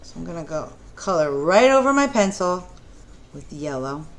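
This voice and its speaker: A woman teaching a preschool art lesson in a gentle, encouraging way, talking the children through each step and asking them questions. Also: fairly low pitch, big pitch swings, moderate pace.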